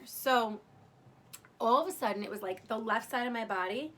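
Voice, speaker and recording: A woman's voice: mid-range voice, moderate pace, fairly bright tone, slight background noise. A young adult woman casually telling the story of giving birth, chatty and candid, full of "like" and the odd swear. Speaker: new mother telling her birth story.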